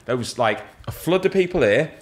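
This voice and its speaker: Speaking a little fast in a slightly high voice, this man is a tattoo artist guesting on a podcast. He tells stories in relaxed chat, cursing frequently and animatedly mimicking the people in his anecdotes.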